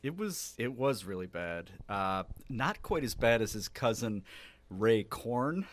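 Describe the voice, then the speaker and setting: A man co-hosting a casual sports chat, cracking dry, deadpan jokes. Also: mid-range voice, slow, dry recording. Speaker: podcast co-host.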